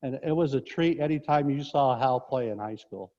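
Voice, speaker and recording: Coach telling rambling stories, dull lo-fi sound. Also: male voice, medium pitch, normal speed, dark tone. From northern New York. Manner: rambling anecdotes with restarts, chuckling. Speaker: guest, former basketball coach. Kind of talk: casual storytelling on a sports talk show. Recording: dull lo-fi audio in a reverberant space.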